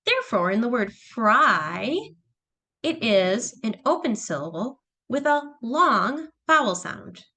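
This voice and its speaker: A woman's voice: on the high side, very animated, takes it slowly, sharp tone. A woman teacher explaining phonics patiently, step by step. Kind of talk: phonics lesson narration.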